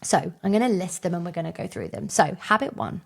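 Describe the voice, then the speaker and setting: Chatty woman podcaster with gravelly fry. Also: lowish voice, expressive, fast talker. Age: 30s. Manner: chatty and upbeat, lots of fillers. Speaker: podcast host. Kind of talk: casual solo podcast talk. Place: outdoors on a hot, windy day.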